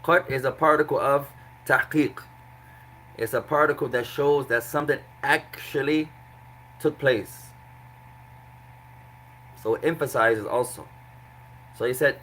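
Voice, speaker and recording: Bright-voiced man teaching a grammar class. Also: medium pitch, unhurried, pauses often, slight background noise, rough recording. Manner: explains patiently with repeated examples. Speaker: Arabic teacher.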